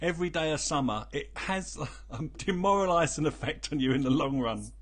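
A British man bantering on air, teasing and dry, often laughing between lines. His voice moves a lot in pitch. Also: expressive, brisk, fairly bright tone. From Britain. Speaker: radio co-host.

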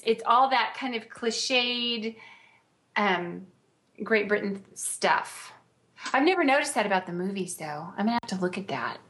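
A woman's voice: a little high, fairly bright tone. An American woman in casual conversation, bubbly and playful, laughing often and breaking into exclamations. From United States. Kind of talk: casual chat.

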